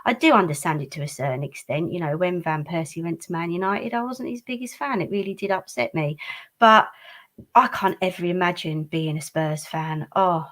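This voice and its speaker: A woman's voice: fairly low pitch, normal speed, fairly bright tone. A woman guest on a casual football fan chat, speaking emphatically and laughing often.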